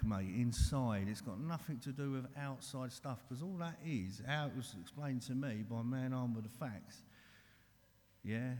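A man gives an earnest, plain-spoken recovery share, calling the room "mate" again and again. His voice is warm and mellow at a middle pitch. A long hall reverb trails behind every line. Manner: earnest, blunt, peppered with "mate". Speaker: recovery speaker.

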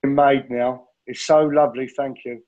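A man's voice: medium pitch, fairly even intonation, normal speed, darkish tone, lo-fi sound. A man sharing his recovery story at a meeting, earnest and heartfelt, often calling listeners "mate". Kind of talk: personal testimony at a recovery meeting.

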